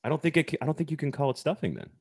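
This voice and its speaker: A man's voice: fairly high pitch, animated, very fast, husky, no room sound, studio quality. A man in his thirties from Wisconsin, co-hosting a casual podcast chat and reading sponsor plugs with a joking, laughing manner. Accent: slight Wisconsin. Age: 30s. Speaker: podcast host.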